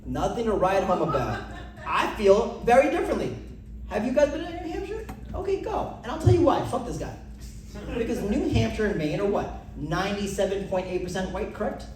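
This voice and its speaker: Young man, brash stand-up comic, lively swooping pitch, distant mic, echoey club room. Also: fairly quick, a little hiss or hum. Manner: brash, loud, swings pitch for bits. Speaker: stand-up comedian. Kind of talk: stand-up crowd work. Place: comedy club stage.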